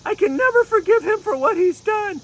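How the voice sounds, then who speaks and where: A man voicing a gentle female unicorn puppet in a high squeaky falsetto, fretful and dramatic. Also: expressive, a little fast, rough recording. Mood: upset.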